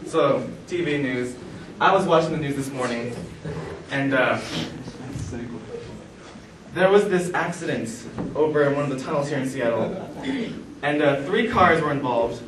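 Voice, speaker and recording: A man telling stand-up stories on a comedy club stage, animated and acting out the people in them. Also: medium pitch, unhurried, long pauses, distant mic. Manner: animated, acts out quoted voices. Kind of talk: stand-up storytelling. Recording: roomy club sound from afar, noisy. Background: club audience laughter.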